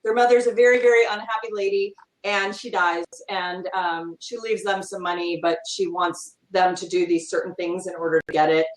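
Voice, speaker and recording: A middle-aged woman being interviewed as a guest author, animated and acting out little quotes as she talks. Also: on the low side, normal speed, few pauses, distant mic. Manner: animated, acts out quotes in other voices. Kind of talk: podcast interview. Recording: roomy, from off mic.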